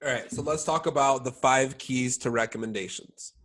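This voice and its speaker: A young man coaches his sales team in a casual training session, his medium-pitched voice fairly bright and his pace moderate. He fills his talk with "like" and keeps checking in by asking "all right?"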